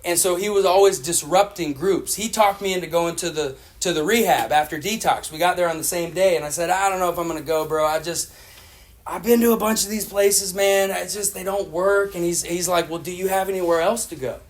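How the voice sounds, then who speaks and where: A man's voice: high voice, fairly quick. A man telling his addiction recovery story at a meeting, candid and rambling, with many fillers and laughs at himself.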